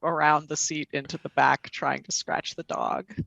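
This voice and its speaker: Gravelly woman narrating her character. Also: low voice, level tone, moderate pace, a bit bright, no echo, muffled recording. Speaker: player. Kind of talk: describing her character's actions.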